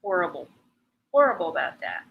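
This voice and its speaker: A woman's voice: fairly low pitch, wildly swooping pitch, brisk, vocal fry, narrow, tinny audio. A middle-aged woman chatting and teasing her viewers while teaching painting in a live tutorial. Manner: chatty, teasing, laughs often.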